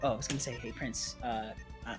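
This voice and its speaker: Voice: medium pitch, fairly even intonation, brisk, over music. A guest in a casual gaming chat, hesitant and searching for words.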